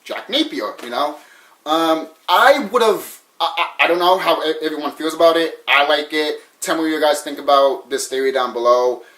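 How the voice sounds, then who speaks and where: A young man rambles through a fan theory for his viewers, stumbling and restarting as he goes. His voice sits a little high. The room around him rings with echo. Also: normal speed, a bit bright. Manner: rambling, stuttering and restarting, says so himself. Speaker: vlogger sharing a fan theory. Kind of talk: casual rambling talk to camera.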